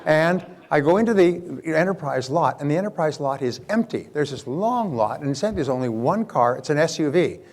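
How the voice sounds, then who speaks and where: A man giving a business seminar talk, telling stories in a lively way with frequent restarts. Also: a little high, a little fast, few pauses. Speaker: business speaker and sales coach.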